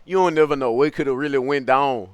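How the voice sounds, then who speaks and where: A young man streaming, rambling through profane comic musings in an animated, thinking-out-loud way. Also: medium pitch, fast talker, smooth, no room sound.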